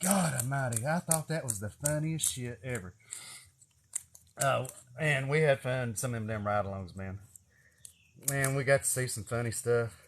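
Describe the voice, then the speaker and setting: A man's voice: medium pitch, moderate pace, slight background noise. A man telling casual stories, swearing a lot and acting out what people said. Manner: swearing, animated storytelling with acted-out quotes. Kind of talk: casual storytelling.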